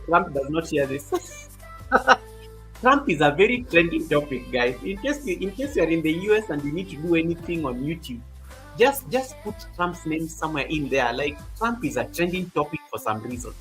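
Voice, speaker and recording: A man's voice: fairly high pitch, very animated, a little fast, fairly bright tone. A man hosting a livestream, chatting casually and greeting viewers by name while repeating his phrases. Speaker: livestream host. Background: faint background music.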